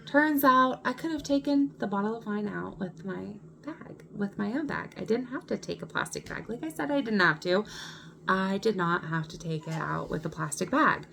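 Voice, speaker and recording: A woman vlogger recounts a personal story with animated indignation. Her voice sits in a middle pitch with a gravelly fry. There is a faint hiss behind her. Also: normal speed. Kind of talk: storytime vlog.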